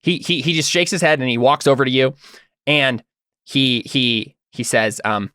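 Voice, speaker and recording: Relaxed man running a tabletop game. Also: mid-range voice, moderate pace, clear, resonant tone, dry recording, studio quality. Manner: rambling, filler-heavy describing. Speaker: game master.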